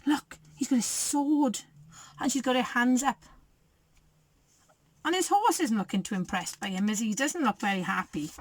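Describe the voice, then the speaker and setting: A woman's voice: a little high, moderate pace, pauses often, husky. A woman, a primary school teacher reading a picture book aloud and asking the children questions. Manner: warm, encouraging, asks children questions.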